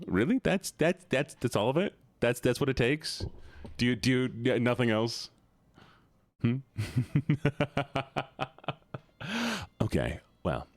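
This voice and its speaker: A man's voice: mid-range voice, big pitch swings, moderate pace, dry recording. A young man live-streaming, joking with his chat in a casual, profane way.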